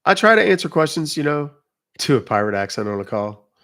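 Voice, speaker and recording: A man's voice: fairly high pitch, very animated, brisk, a bit bright. Rambling British man chatting live. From England. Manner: rambling, self-interrupting, chatty. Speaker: livestream host. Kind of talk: casual livestream chat answering viewers.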